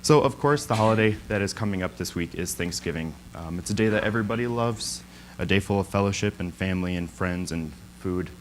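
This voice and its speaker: A man's voice: sits low, fairly quick, a little hiss or hum, low-quality recording. A young man speaking as a guest at a church, telling a story in an informal sermon, with lots of ums and frequent laughs. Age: young adult. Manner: chatty, many ums, laughs often.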